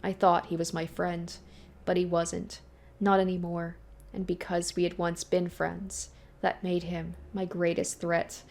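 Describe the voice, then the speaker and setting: A woman's voice: lowish voice, completely flat delivery, unhurried, creaky, darkish tone. A woman reading as a brooding young lord. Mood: anguished. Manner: brooding, first-person storytelling. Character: young male ruler, proud and haunted. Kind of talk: reading a visual novel aloud.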